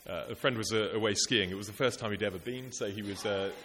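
Earnest preacher in an echoey hall. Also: male voice, lowish voice, fast, a bit bright. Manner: earnest, rhetorical, builds lists and repetitions. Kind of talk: sermon. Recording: echoey hall with faint hiss.

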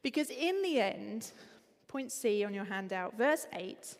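Lively Essex woman preaching. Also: medium pitch, a little slow, long reverb tail. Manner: conversational, lively, frequent ums. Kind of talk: sermon.

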